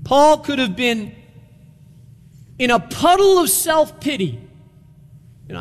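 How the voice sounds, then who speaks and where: A male pastor preaching an animated sermon, acting out quotes with emphasis. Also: very high-pitched, slow pace, pauses often, in a large hall.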